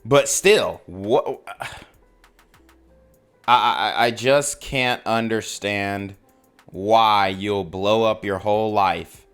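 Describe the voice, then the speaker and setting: A man hosting a news commentary channel, reacting in casual talk with drawn-out exclamations. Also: fairly low pitch, a bit bright, clear, resonant tone, faint music behind. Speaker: host reacting to news clips.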